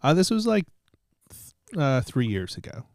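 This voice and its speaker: A man's voice: on the high side, very animated, a little slow, gravelly, a little mellow, no room sound, studio quality. A man telling a rambling, profane, self-mocking story in casual podcast chat.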